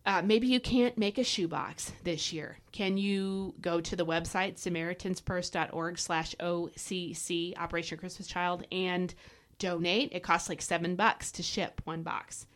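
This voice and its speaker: A woman's voice: on the low side, fairly even intonation, a little slow. A woman hosting a devotional podcast, exhorting listeners in a fervent, preachy way. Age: adult parent. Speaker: podcast host. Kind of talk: devotional Bible teaching podcast.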